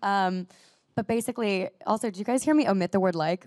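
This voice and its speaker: A young actress guest talks in a casual interview with a mid-range, slightly mellow voice, captured in clean studio sound without echo. She comes across bubbly, says "like" heavily, restarts quickly, and keeps coughing from a recent illness.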